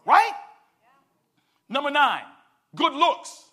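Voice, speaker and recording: Man, pastor, very high voice, sharp tone, animated sermon. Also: drawn-out words. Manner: animated, call-and-response preaching.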